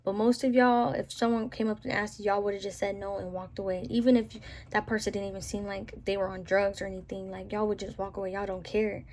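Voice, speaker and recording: A woman's voice: mid-range voice, little pitch movement, a little fast, a little mellow. A young Southern woman ranting casually to camera, rambling with lots of "like" and "you know what I'm saying.".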